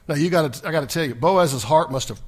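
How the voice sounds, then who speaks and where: High-voiced preacher acting out scripture. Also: male voice, fast talker. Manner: animated, asks the congregation questions, acts out scripture dialogue. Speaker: pastor. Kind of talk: sermon.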